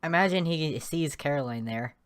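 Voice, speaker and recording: Low-voiced Irish woman playing a game. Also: a little fast. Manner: hesitant, self-deprecating. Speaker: player. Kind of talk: casual game chat.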